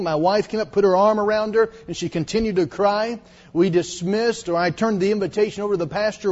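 A middle-aged male preacher giving a dramatic sermon to teenagers, dropping to hushed tones when he retells confessions. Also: sits high. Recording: dull lo-fi sermon recording.

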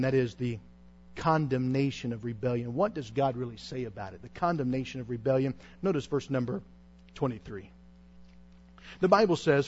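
A man preaching an impassioned revival sermon as a traveling evangelist, swinging from quiet storytelling to loud pleading. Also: medium pitch, muffled recording. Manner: impassioned, rising to shouts.

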